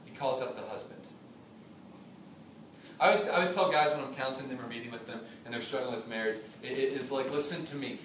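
A man in his thirties preaching a sermon, chatty and humorous, telling stories with lively asides. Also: mid-range voice, quick pace, slight background noise. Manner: conversational preaching, humorous asides, animated storytelling. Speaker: pastor. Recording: echoey room from a distance.

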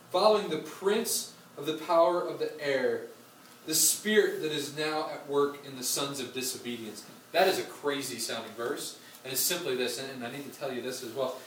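A pastor preaches conversationally, dropping in frequent fillers and asides, with a fairly high, fairly bright voice. The recording comes from a distant mic in a church hall, so it sounds roomy with faint ambience and slight background noise.

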